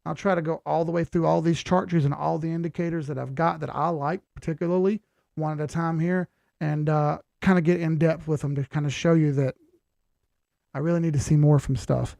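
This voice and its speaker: A man's voice: a little high, fairly even intonation, fairly quick, gravelly, a little mellow, dry recording. A man hosting a casual livestream, chatting in a laid-back way with many fillers and reading out viewer questions.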